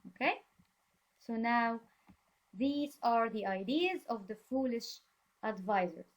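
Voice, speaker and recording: Slow, patient woman teaching young learners. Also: a little high. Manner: slow, patient, praising and explaining words. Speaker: English teacher. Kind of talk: reading a story aloud for a class.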